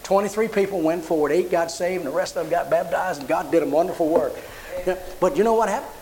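A man's voice: sits high, quick pace, slight background noise, rough recording. A man preaching a sermon, telling personal stories and acting out the voices in them. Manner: animated storyteller acting out quotes. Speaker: pastor.

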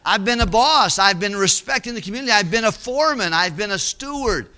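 A man's voice: high voice, lively intonation, brisk, sharp tone, smooth. A man voicing a fretful steward about to be fired. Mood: worried. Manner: worried, muttering to himself. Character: anxious middle-aged male steward facing dismissal.

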